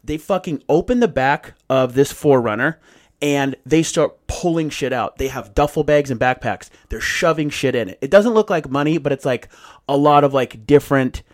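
A man's voice: mid-range voice, moderate pace. A man casually telling a long story, swearing freely and acting out what people said. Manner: profane, animated storytelling with acted-out quotes. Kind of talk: casual chat.

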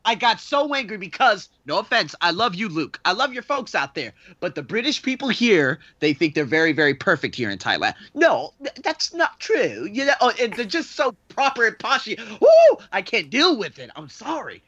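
An American man telling animated stories as a podcast guest, laughing often. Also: high-pitched, normal speed, hardly any pauses, no room sound. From United States. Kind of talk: casual chat. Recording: dull lo-fi sound.

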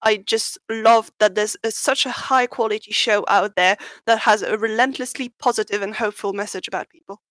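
A woman co-hosting a podcast, talking in a measured, appreciative way. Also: medium pitch, steady tone, a bit bright, no room sound. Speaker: podcast co-host. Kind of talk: casual chat.

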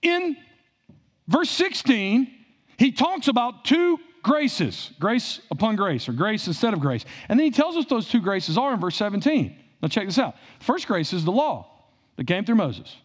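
Lively high-voiced preacher. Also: male voice, normal speed, slightly rough. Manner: asks the congregation questions, repeats phrases for emphasis. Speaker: pastor. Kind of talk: sermon.

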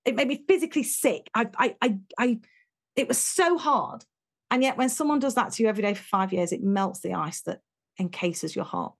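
Animated English woman telling her story. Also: a little high, gravelly, breathy edge. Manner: animated, frank, voices quoted people, quick laughs. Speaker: guest. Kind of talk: personal storytelling in an interview.

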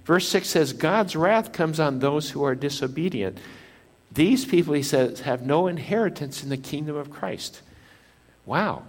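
A man's voice: fairly high pitch, lively intonation, a little slow. A man preaching a sermon as pastor, repeating key lines for emphasis and putting questions to the congregation. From Japan. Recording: long hall reverb.

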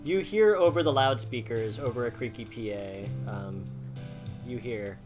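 A man's voice: medium pitch, unhurried. A man narrating as game master in an improvised tabletop game, playful and self-correcting. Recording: guitar music under the voice.

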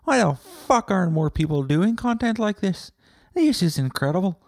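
A man's voice: high-pitched, normal speed, gravelly, no echo, studio quality, pitched above the performer's own voice, full character voice. A man putting on a rowdy Irish potato farmer. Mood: gushing. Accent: put-on Irish drifting Scottish. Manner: excitable, gushing, swearing.

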